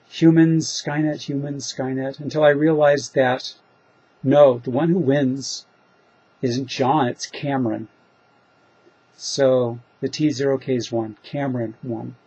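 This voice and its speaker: A man's voice: mid-range voice, a little mellow, breathy edge. A man who writes fiction, answering reader questions in a casual, rambling monologue, thinking aloud and poking fun at himself. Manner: rambling, self-deprecating, thinks aloud with fillers. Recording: dull lo-fi recording.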